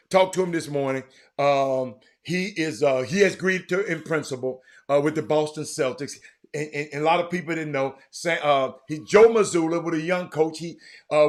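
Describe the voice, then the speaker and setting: A middle-aged man, hosting a casual, rambling talk to viewers. He talks in an animated, repetitive way, with many fillers and sudden bursts of excitement. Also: fairly high pitch. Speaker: show host.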